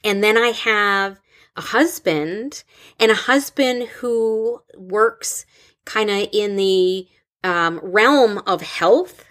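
A woman in her thirties, a school counselor hosting a podcast, talking in a halting, open way with many restarts. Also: medium pitch, a bit bright. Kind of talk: casual podcast conversation.

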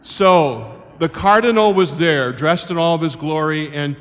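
A man in his sixties, a priest preaching a homily as a lively story and acting out the voices of the people in it. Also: a little high, measured pace, in a large hall. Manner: animated, acts out quoted voices. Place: church.

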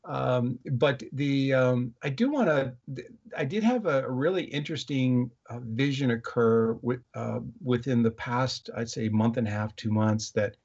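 A middle-aged man, a guest on an interview show, recounting a dream experience in a halting way with many fillers and restarts. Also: medium pitch, darkish tone. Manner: halting, many fillers and restarts, quotes voices while telling a story. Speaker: guest, electronics inventor. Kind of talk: casual interview storytelling. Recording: slightly muffled lo-fi audio.

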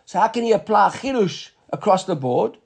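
Gravelly, husky man teaching a Talmud class. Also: sits high, lively intonation. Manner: quick, repetitive teaching with restarts and checking questions.

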